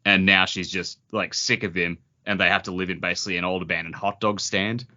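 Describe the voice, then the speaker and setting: A man's voice: low voice, fairly even intonation, fairly quick, sharp tone, dull audio. A man co-hosting a casual book podcast, joking and riffing on absurd scenarios. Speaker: podcast co-host.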